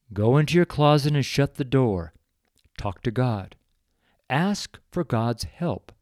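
With a mid-range, darkish voice and a clean, echo-free studio sound, a middle-aged man hosts a devotional podcast. He prays and tells his testimony in a slow, earnest, tearful way, clearly overcome with emotion.

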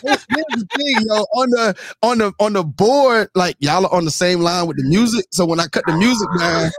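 Male co-host, fairly high voice, dry close sound, loose joking delivery. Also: normal speed, no room sound. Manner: loose, joking, leads the segments. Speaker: podcast co-host. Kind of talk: casual comedic podcast chat.

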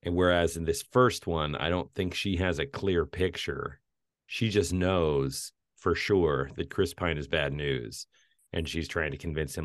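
A man co-hosting a film podcast, chatting casually and retelling scenes with lively energy. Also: low-pitched, a little slow, no room sound, studio quality. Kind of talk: casual film review chat.

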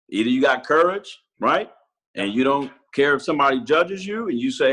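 With a medium-pitched, expressive, sharp-toned voice, a Marine sergeant major in his forties speaks a little fast over poor audio. He shares personal stories candidly and casually, often addressing the host as "brother."

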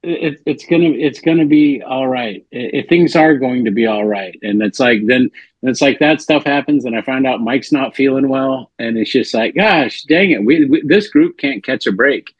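A tired man co-hosts a podcast in casual chat, a little husky. He talks in a halting, reflective way, often starting words over. His voice sounds slightly muffled and dry. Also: mid-range voice, no echo. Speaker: podcast co-host.

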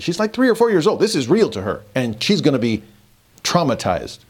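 Guy teaching a scripture lesson, tells stories big and lively, voice jumps all over, then goes soft and earnest. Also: medium pitch, fairly quick. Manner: animated storyteller, acts out his own thoughts; earnest, softens to quiet emphasis. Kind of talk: recorded religious lesson.

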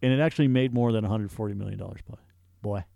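A man's voice: fairly low pitch, very fast, gravelly, dark tone, dry recording, lo-fi sound. Profane man in casual movie chat. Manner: profane, joking, tries silly voices. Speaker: podcast co-host.

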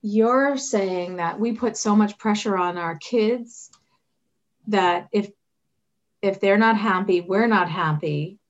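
A woman's voice: mid-range voice, slow pace, highs cut off. A woman hosting a talk show, affirming her guest and addressing the audience. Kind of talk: casual talk show chat.

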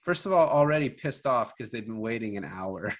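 A man's voice: mid-range voice, expressive, normal speed. A man co-hosting a podcast, chatting casually about a film in a rambling way full of filler words. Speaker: podcast co-host.

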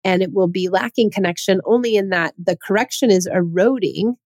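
A woman's voice: a little fast, darkish tone, no room sound. A woman hosting a parenting podcast, talking earnestly on her own and asking her listeners many questions. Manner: acts out quoted parents in higher voice. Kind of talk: solo podcast talk.

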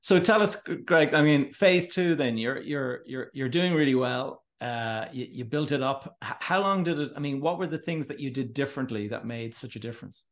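A man hosting a podcast, sharing a personal story in a relaxed way and asking his guest follow-up questions. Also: mid-range voice, moderate pace, few pauses. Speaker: podcast host. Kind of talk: conversational interview.

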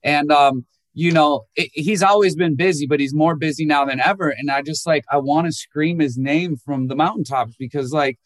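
A man's voice: moderate pace, few pauses, no room sound. A young man, a musician guest, telling candid and emotional stories and acting out quoted people in a raised voice. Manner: animated storyteller who acts out quotes in a higher voice. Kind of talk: candid emotional interview talk.

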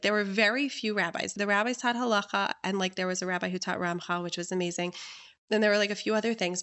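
A woman, a life coach, telling her personal story in a conversation, lively and full of "like" fillers. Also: mid-range voice. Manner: animated, lots of "like" fillers, acts out quoted voices. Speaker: life coach and interview guest.

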